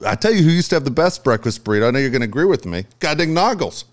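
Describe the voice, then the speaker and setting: Man, from San Diego, casual podcast chat, blunt, profane, quick talker. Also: medium pitch, very animated.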